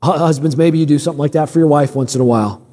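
A middle-aged man, a pastor delivering a sermon. He builds emphatic repeated lines and drifts into relaxed personal stories. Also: fairly high pitch, racing, big-room sound. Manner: preaching with rising emphatic repetition, then easy storytelling asides. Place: church sanctuary.

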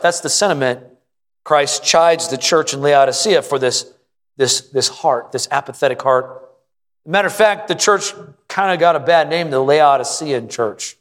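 Male pastor, sermon, emphatic repetitive preaching, fairly high voice, long church-hall reverb. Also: normal speed. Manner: emphatic preaching, rising to an excited pitch on repeated lines.

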